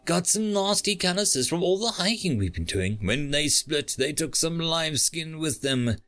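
A man's voice: on the high side, big pitch swings, measured pace, a bit bright, faint music behind, voice pushed up, exaggerated voice. A man reading a story, voicing a cheerful, casual human woman in a raised voice. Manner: casual and upbeat.

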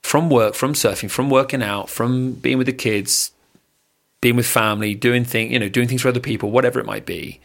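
A man, co-hosting a casual surf podcast and guiding a breathing exercise, lively and laughing, swearing casually. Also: medium pitch, fairly quick, vocal fry. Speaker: podcast co-host. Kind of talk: casual chat with guided breathing.

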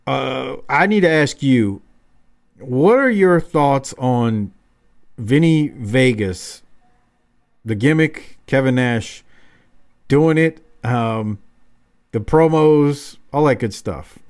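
A man's voice: mid-range voice, expressive, slow, pauses often. Male podcast host, casual, rambling, opinionated. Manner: loose, rambling, fired-up opinions.

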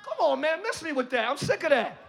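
A man preaching a sermon as pastor, moving between quiet asides and loud, rising shouts, with playful jokes to the congregation. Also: very high voice, big pitch swings, a little fast, creaky, faint music behind, some chatter behind. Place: church sanctuary.

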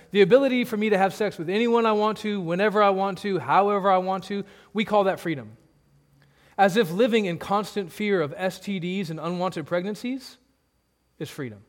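Guy preaching a sermon, higher pitched, earnest, swings from loud to hushed. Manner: earnest, emphatic preaching with sudden drops to a low hush. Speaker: pastor. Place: church.

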